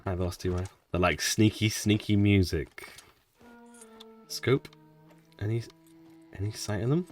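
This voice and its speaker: A man's voice: on the low side, normal speed, long pauses, distant mic, soft background music. A man casually commenting on his playthrough as a gaming streamer, chatty with mumbled asides. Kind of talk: casual let's-play commentary.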